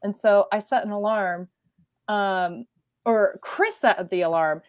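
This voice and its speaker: A woman co-hosting a casual chat show, telling lively stories and acting out what people said. She has a mid-range voice, and the sound is dry and close with no room echo. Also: mid-range voice, slow. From New York State. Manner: animated storyteller, acts out quotes. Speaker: podcast co-host.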